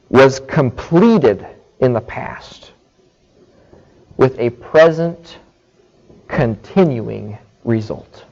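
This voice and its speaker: A man preaching a sermon, explaining scripture slowly and deliberately and checking in with his listeners. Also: mid-range voice, a little mellow, lo-fi sound. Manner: slow, deliberate teaching with frequent "okay" check-ins.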